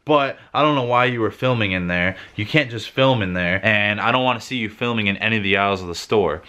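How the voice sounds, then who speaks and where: A man's voice: fairly low pitch, quick pace. A man in his twenties telling a story on his vlog in a casual, rambling way full of "like". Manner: rambling, lots of "like", animated retelling. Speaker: vlogger.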